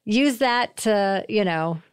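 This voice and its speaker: A woman's voice: mid-range voice, lively intonation, slow, clean tone, no echo, clean studio sound. A middle-aged woman from Syracuse, New York, talking as a guest in a casual interview, candid and self-deprecating, with profane humor.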